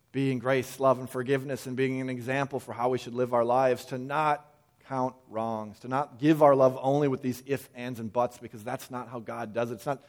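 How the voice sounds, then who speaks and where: Casual conversational male preacher. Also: medium pitch. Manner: conversational, animated quoting with repeated restarts. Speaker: pastor. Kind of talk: sermon.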